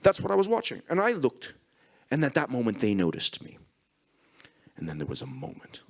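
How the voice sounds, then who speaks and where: A man's voice: fairly low pitch, big pitch swings, normal speed, long pauses, slightly rough. An Irish man giving a comic conference talk, telling profane, self-mocking anecdotes. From Ireland. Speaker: conference speaker. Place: conference stage.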